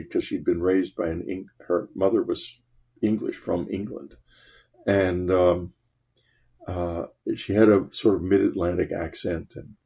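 An older man telling a personal story in a rambling, halting way, with wry laughs. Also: sits low, creaky, a little mellow, slightly rough. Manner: rambling, halting with many restarts and fillers; wry, laughs while recalling.

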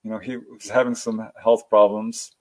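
A man telling personal stories as a guest in a casual interview, animated and laughing often. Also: lowish voice, moderate pace.

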